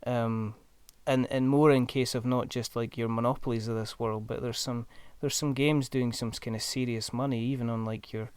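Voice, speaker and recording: Scottish male podcast host, casual and rambling, smooth clear voice, dry close sound. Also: mid-range voice, steady tone, moderate pace, hardly any pauses, a little mellow, no room sound. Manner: rambling, with many ums and restarts. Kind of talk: casual interview chat.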